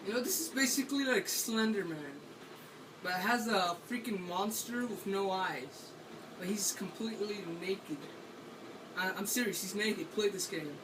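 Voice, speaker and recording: At a moderate pace, a man with a high voice keeps up playful, meandering commentary to himself as he games for a video. The handheld camera's mic is far off, and the background is noisy.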